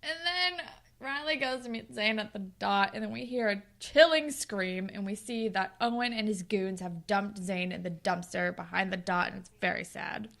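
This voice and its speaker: A young woman co-hosting a podcast, casually recapping a TV episode and acting out the characters' lines in quick impressions. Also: medium pitch, vocal fry, fairly bright tone. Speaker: podcast co-host.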